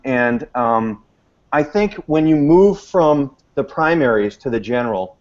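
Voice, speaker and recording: A man offering a measured rebuttal in a political panel, pausing with ums along the way. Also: mid-range voice, lively intonation, lo-fi sound. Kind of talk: political discussion.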